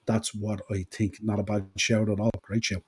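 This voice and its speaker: A man's voice: fairly low pitch, flat delivery, normal speed, darkish tone, husky. A man with an east-coast Irish accent, hosting a wrestling podcast and chatting casually while reading out viewer comments. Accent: Irish, east coast Dublin-Wicklow. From Ireland. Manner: chatty, rambling, with fillers. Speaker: podcast host.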